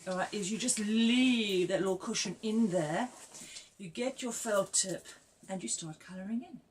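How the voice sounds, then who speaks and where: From her home office, a woman designer with a higher-pitched voice gives a chatty, joking, self-deprecating demo of her own product, with background noise present.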